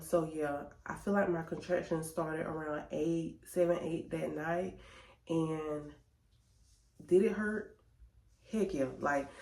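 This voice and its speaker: A woman telling a chatty, animated story to her viewers. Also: low voice. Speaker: vlogger. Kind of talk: casual storytelling vlog. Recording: roomy echo.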